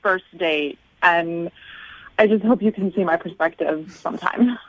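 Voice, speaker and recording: A woman's voice: lowish voice, measured pace, dry recording. Giggly girl on the phone, says like constantly, kinda muffled line. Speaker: caller. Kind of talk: casual phone call on radio.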